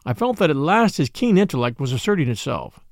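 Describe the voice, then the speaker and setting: A man reading a detective story aloud as an audiobook narrator, in steady storytelling. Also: fairly high pitch, quick pace, no room sound, studio quality. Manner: steady storytelling, voicing each figure.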